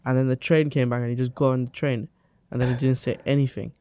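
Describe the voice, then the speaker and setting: A young man, co-hosting a podcast and retelling a run-in in a casual, animated way. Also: medium pitch, quick pace, no echo. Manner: storytelling, animated retelling with swearing. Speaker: podcast co-host. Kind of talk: casual chat. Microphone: table podcast mic, leans in.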